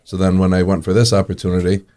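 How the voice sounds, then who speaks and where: Deep-voiced New man telling stories. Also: flat delivery, quick pace, mellow. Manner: acts out quoted dialogue in anecdotes, chuckles often. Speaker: restaurant owner, interview guest. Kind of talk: casual storytelling in an interview.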